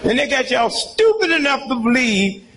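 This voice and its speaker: A man's voice: very high-pitched, sing-song, moderate pace, fairly bright tone, some chatter behind, slight background noise, rough recording. A man in his seventies doing stand-up storytelling for a live audience, folksy and rambling, with frequent asides like "huh?". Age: 70s. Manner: folksy, rambling storytelling with asides like "huh?" and "you know what I'm saying?". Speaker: comedian.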